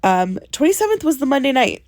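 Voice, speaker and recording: A woman's voice: high voice, sing-song, fairly quick, a little mellow, no echo, clean studio sound. Stuffy-nosed woman walking through a timeline. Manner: recounts a timeline step by step, checking in with "okay?" and "right?". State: stuffy nose from a cold. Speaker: podcast co-host. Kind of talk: casual podcast chat. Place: ship cabin on vacation. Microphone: phone recording.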